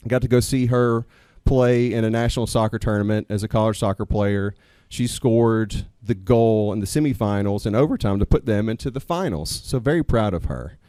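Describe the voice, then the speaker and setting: A man, a teacher and coach telling a personal story live on stage into a microphone, animated and then earnest. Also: fairly low pitch, normal speed, few pauses, smooth, dry recording. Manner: animated, swears when quoting students, earnest at close.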